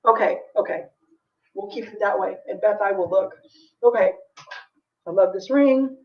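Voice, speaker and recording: A woman's voice: medium pitch, normal speed, recorded from a distance, highs cut off. A woman hosting a live jewelry sale, chatting casually with viewers, full of ums and little laughs, from the United States. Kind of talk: casual live-stream selling chat.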